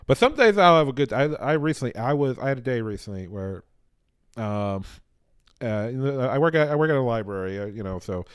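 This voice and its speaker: A man hosting a casual podcast, talking quickly at a middle pitch. The sound is dry and close, with no room around it, and he chats loosely, swearing and joking. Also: clear, resonant tone, no room sound. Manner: fast, animated talker with swearing and laughs. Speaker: podcast host; library security worker. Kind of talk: casual chat.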